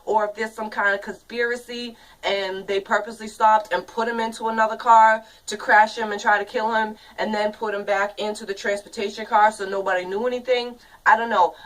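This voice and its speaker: A woman's voice: mid-range voice, fairly bright tone, recorded from a distance, poor audio. A woman of thirty ranting in a casual vlog, angry, profane and rambling, full of "you know what I mean" fillers. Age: 30s.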